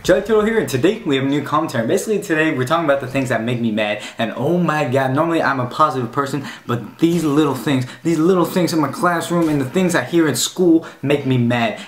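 A man's voice: on the high side, echoey room, a little hiss or hum. A male YouTuber delivering a comedic, profane rant in a slangy, mock-tough way. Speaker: YouTube commentator.

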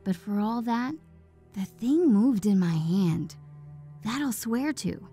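A woman voicing an elderly father who speaks slowly and insistently, in a storybook reading. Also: mid-range voice, lively intonation, warm tone, soft background music. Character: stubborn elderly father, slow and stunned.

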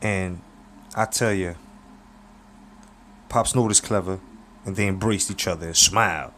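A man's voice: sits low, a little slow, fairly bright tone, a little hiss or hum. A man narrating a story in a loose, profane, casual storytelling manner.

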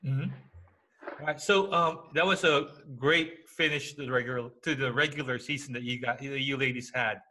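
A man's voice: mid-range voice, moderate pace, sharp tone, a little hiss or hum. A man hosting a basketball podcast, chatting casually and upbeat with plenty of fillers. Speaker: podcast host.

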